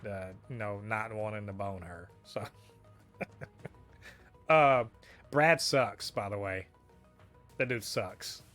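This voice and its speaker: A man's voice: fairly low pitch, takes it slowly, long pauses, a bit bright, soft background music. A man co-hosting a casual review podcast, talking animatedly and profanely, laughing often and exclaiming in disbelief. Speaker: podcast co-host reviewing a TV episode.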